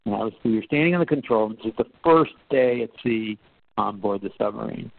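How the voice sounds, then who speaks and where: A man giving a storytelling talk about leadership, conversational and animated, acting out quotes. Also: a little fast, gravelly, no room sound. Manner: animated, acts out quotes with rising pitch; conversational, with fillers and restarts. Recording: tinny phone-like, dry.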